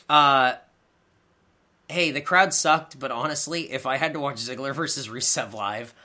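This co-host's medium-pitched voice has a sharp tone, and he speaks a little slowly with frequent pauses. He's chatting casually on a podcast about wrestling, sarcastic and exasperated, swearing a lot.

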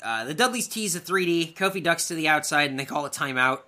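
A man co-hosting a podcast, recapping wrestling matches in casual chat and acting out the wrestlers' lines in loud bursts. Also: fairly high pitch, animated, fast. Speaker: podcast co-host.

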